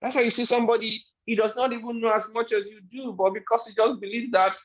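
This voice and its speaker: A man delivers a motivational lecture in a fairly high voice, hammering home his points by repeating them. The sound is dull and lo-fi, with a noticeable echo from the room around him. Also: level tone, quick pace. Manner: emphatic, repeats key phrases for effect. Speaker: webinar speaker on life skills.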